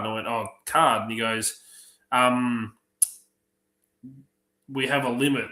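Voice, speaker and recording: A man's voice: mid-range voice, measured pace, long pauses. Man swearing through bar stories. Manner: profane, animated anecdotes acting out other voices. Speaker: streamer telling stories. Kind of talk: casual storytelling on a livestream. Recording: roomy echo.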